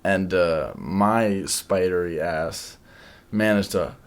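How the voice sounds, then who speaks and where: A man's voice: deep voice, slow. A young man co-hosting a casual talk show, rambling through a story in slang and laughing between words. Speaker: podcast co-host. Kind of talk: casual chat.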